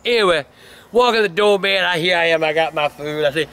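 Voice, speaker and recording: A cantankerous older man with a high-pitched voice rambles through a story in casual on-camera chat. He curses constantly, loses his thread and barks at anyone who cuts in. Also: fairly quick, gravelly, bright, forceful tone, clear, resonant tone. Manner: profane, rambling and cantankerous, snapping at his son. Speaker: grandfather telling family stories.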